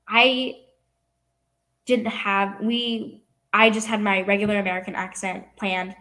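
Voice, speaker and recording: An actress guest, a young woman from California, answers interview questions casually and youthfully, leaning heavily on "like" and "um." Her voice is medium-pitched and a bit bright.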